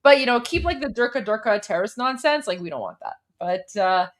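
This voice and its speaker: Young female livestream co-host, somewhat high voice, quick and chatty. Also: sing-song. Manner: upbeat, chatty, quick asides. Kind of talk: casual livestream chat.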